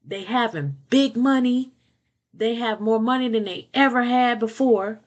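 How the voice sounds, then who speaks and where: A woman's voice: fairly high pitch, unhurried, dull audio. An older woman giving blunt, preachy relationship advice in a casual monologue, often repeating words and checking in with "okay?".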